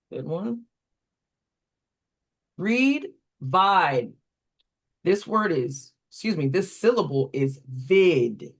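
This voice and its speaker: A reading tutor runs a phonics walkthrough at an unhurried pace, giving short, deliberate prompts. Each word is spelled out and then given an example, with the occasional quicker aside to explain how to run the drill. The voice sits at a middle pitch. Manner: slow, deliberate call-and-response prompting.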